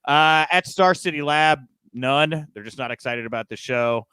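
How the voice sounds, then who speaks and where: Hosting a live podcast, a man reads viewer comments while chatting and joking, loose and full of fillers. His slightly high voice is pushed and bright, smooth, at normal speed, with no echo.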